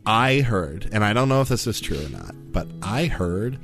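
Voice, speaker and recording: A man's voice: fairly low pitch, big pitch swings, moderate pace, fairly bright tone, soft background music. A man running a tabletop role-play as game master, joking and rambling, full of fillers.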